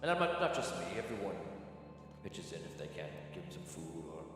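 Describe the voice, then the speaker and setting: A man's voice: sits low, sing-song, a little fast, pitched below the performer's own voice. A man voicing a weary middle-aged miner held prisoner, talking in a subdued, resigned way. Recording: echoey hall with faint music.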